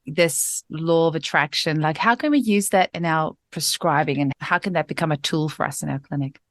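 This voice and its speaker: A woman's voice: sits low, dry recording. A woman hosting a podcast as a homeopath, talking in a casual, enthusiastic and affirming way. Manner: enthusiastic, affirming, quick to agree. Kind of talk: casual chat.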